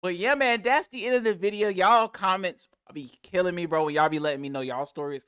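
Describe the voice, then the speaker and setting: A man's voice: high-pitched, fairly quick, fairly bright tone, clean tone, no room sound, studio quality. A man hosting a reaction video, chatting casually and saying "bro" a lot. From United States. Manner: slangy, says bro a lot.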